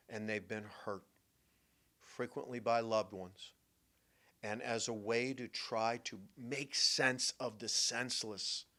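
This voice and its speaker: Emphatic older New talk host. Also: male voice, fairly low pitch. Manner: emphatic storytelling, swings from hushed to loud. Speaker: show host and therapist. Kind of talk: radio-style talk monologue.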